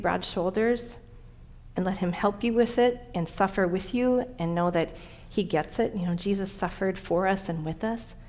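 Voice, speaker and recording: A woman pastor giving an earnest, gentle sermon, slowing down to stress her points and reading scripture aloud. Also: medium pitch.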